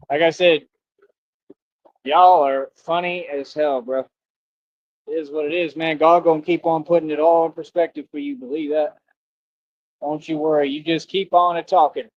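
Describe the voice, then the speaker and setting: A man's voice: fairly high pitch, steady tone, moderate pace, no echo, dull audio. A man ranting on a live stream, taunting his critics in a combative way and asking rhetorical questions.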